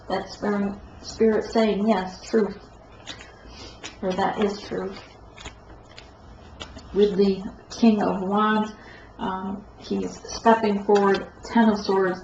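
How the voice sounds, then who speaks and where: Woman tarot reader, congested, meandering and flat, echoey lo-fi room. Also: medium pitch, vocal fry. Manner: meandering, halting, self-correcting. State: stuffed-up nose. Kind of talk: tarot reading monologue. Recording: echoey room, dull lo-fi sound, faint noise.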